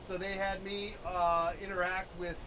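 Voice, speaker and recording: A man's voice: high voice, flat delivery, unhurried, noisy background. A man hosting a live talk show while walking on a treadmill, rambling with many fillers and restarts. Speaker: show host painting on a treadmill.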